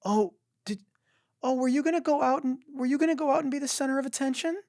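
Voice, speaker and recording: A man putting on a high, sneering voice to mock an imagined rival with smug, sing-song taunts. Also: fast, a little mellow, no echo, studio quality.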